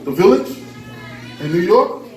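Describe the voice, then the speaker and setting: Playful man doing stand-up, high lively voice. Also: unhurried. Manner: playful, loose, slips into character voices. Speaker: stand-up comedian. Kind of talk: stand-up routine. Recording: roomy, from far off, noisy.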